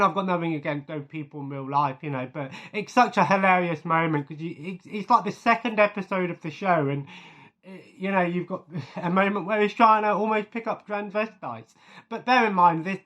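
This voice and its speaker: A man talking in a loose, rambling way, filling his sentences with ums and little chuckles. His voice sits a touch higher than most men's. He sounds like he is chatting casually to his viewers. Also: moderate pace, bright, forceful tone. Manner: rambling, chuckling, full of fillers. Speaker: vlogger. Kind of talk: casual chat.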